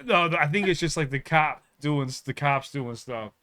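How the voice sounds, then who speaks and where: Reaction host guy, excitable, bit high voice, dry close mic. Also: normal speed, dry recording. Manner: excitable, laughing, casual swearing. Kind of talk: casual reaction chat.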